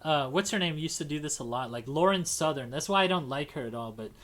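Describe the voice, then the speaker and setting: A man's voice: a little high, animated, quick pace, fairly bright tone. A man hosting a casual livestream conversation, talking in a rambling way with many restarts and fillers. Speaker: podcast host.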